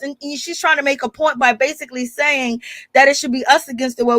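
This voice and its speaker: A young American woman chats through a reality-show recap in a gossipy, filler-heavy way. Her voice sits fairly high for a woman. The sound is dry and close, with no room around it. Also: fairly even intonation, a little fast, a bit bright, dry recording. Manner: chatty, gossipy, lots of filler phrases. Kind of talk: casual recap commentary.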